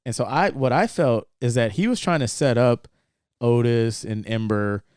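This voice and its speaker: A young man talks through a movie scene in loose, rambling podcast chat, now and then slipping into the characters' lines. His voice is smooth and resonant, at a middle pitch. It sounds close and dry, with no room around it. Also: moderate pace, dry recording. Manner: rambling, animated retelling with quoted lines. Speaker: podcast co-host. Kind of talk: casual film discussion.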